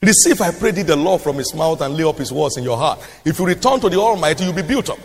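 A man preaches with a high, lively voice that swings widely in pitch. He repeats his lines for emphasis and climbs into shouted declarations. The sound carries a long reverb, as in a large hall. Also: fast talker, creaky. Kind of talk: sermon.

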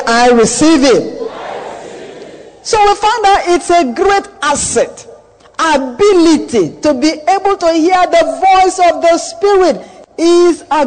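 High-voiced preacher in an echoing hall. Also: male voice, darkish tone. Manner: emphatic, repeats key phrases, calls on the congregation. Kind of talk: sermon. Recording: long hall reverb.

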